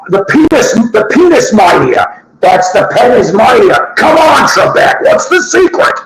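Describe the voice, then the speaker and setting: Rowdy high-voiced man ranting loudly. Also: sing-song, moderate pace, creaky. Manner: loud, laughing, crude jokes. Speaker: show host. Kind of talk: rambling comedic rant. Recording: echoey room with loud noise.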